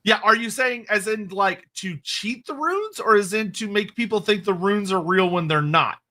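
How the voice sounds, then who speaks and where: A man's voice: high-pitched, lively intonation, moderate pace, pushed and bright. A man co-hosting a casual livestream, answering chat questions at length with frequent restarts and laughs. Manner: rambling, restarts, laughs often.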